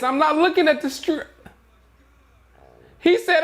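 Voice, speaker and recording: A man casually reacting out loud to a sports draft, laughing often and swinging between disbelief and grumbling. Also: very high-pitched, a little slow, long pauses. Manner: animated, laughing, jumps between shock and grumbling. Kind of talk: casual live reaction chat.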